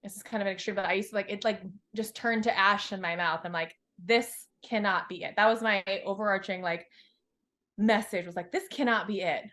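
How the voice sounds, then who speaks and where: A woman in her thirties, a Hawaii-based success coach, tells her story on a podcast at a brisk pace in a medium-pitched voice. She is frank and expressive, swears freely, and dramatizes her earlier thoughts.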